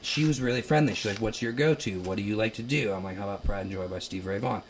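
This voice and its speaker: Young male musician from Ohio, casual chat in a basement, low voice, bursts into loud quoted lines. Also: racing, slight background noise. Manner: animated, laughing, acts out quotes loudly. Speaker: musician guest.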